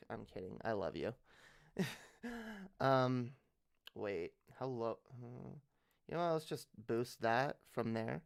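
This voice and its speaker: Speaking slow and drawn out in a smooth, middle-pitched voice with vocal fry, a man chats casually on his livestream. He's profane and slang-heavy, saying "yo" constantly and joking to himself, using a new desk mic with a pop filter.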